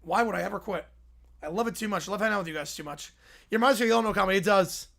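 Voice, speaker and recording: A man's voice: high-pitched, racing, gravelly, bright, forceful tone. A man hosting a livestream, chatting casually and rambling as he reacts to videos, chuckling now and then. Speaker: livestream host.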